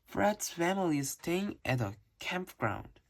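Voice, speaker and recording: A reader reading a children's book aloud slowly and carefully, with occasional slips. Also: mid-range voice, sing-song, creaky. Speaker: storybook reader.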